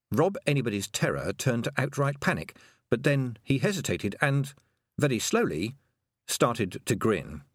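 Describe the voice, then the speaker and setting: A man narrating an audiobook with expressive storytelling. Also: on the low side, moderate pace, no echo, clean studio sound. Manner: expressive storytelling, many voices. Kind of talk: audiobook reading.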